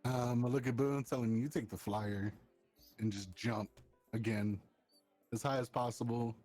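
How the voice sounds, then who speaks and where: A man's voice: medium pitch, fairly even intonation, moderate pace, darkish tone, no room sound, soft background music. Easygoing man playing a tabletop game. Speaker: player.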